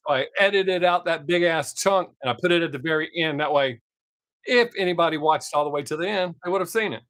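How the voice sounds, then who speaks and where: A man's voice: a little high, quick pace, fairly bright tone, dry recording, clean studio sound. A man hosting his own live stream, chatting casually with viewers, reading their comments and swearing freely. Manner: profane, laid-back, talks to chat viewers by name.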